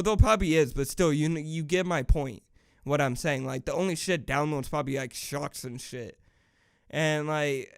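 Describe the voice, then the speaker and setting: A man's voice: fairly high pitch, vocal fry, smooth. A young man vlogger ranting casually, profane and rambling with lots of fillers. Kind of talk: casual rant.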